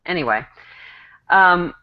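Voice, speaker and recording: A woman on a casual online panel, explaining a topic in a wry, measured way over a video call. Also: on the low side, expressive, lo-fi sound.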